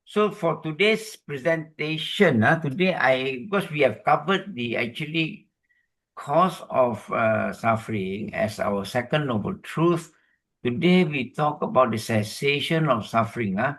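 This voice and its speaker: A man with a Malaysian English accent giving a Buddhist teaching talk, explaining terms step by step, often checking in with "okay?", and reciting Pali verses slowly. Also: mid-range voice, lively intonation, a bit bright. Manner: slow measured chanting of Pali verses. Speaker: Dhamma speaker.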